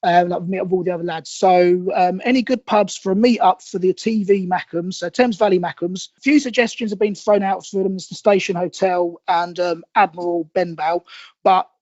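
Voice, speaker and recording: A man's voice: high-pitched, fairly even intonation, fairly quick, a little mellow, no room sound, dull audio. A man hosting a casual fan podcast, talking loosely with many fillers and easy laughs as he moves the show along. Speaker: podcast host.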